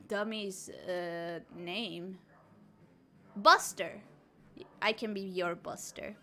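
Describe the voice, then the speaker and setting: A woman's voice: lowish voice, fairly even intonation, drawn-out words, pauses often, pushed and bright. A woman chatting casually on a live art stream, giggling often as she playfully answers chat while she draws.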